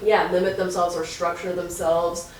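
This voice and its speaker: A woman's voice: fairly low pitch, little pitch movement, normal speed. A woman speaking casually on a panel. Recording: distant echoey mic with faint noise.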